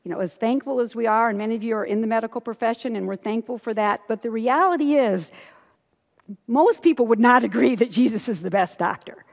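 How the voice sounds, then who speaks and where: Middle-aged woman preacher, kinda high voice, acts out the story, laughs a lot, big hall echo. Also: fairly quick, gravelly. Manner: expressive storytelling, acting out quoted lines, laughing often. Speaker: pastor. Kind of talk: sermon. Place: large church hall. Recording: long hall reverb.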